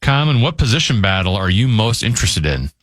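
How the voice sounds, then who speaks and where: A man co-hosting sports talk radio, reading sports news briskly and handing questions to the host. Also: fairly low pitch, big pitch swings, fairly bright tone, slight background noise.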